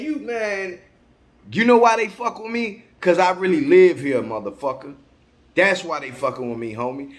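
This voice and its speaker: A man's voice: fairly high pitch, fairly bright tone. A man in his forties, a travel vlogger, ranting straight to camera in a confrontational, heavily profane way. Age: 40s. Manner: confrontational, profane, heavy repeated slang. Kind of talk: angry direct-to-camera rant.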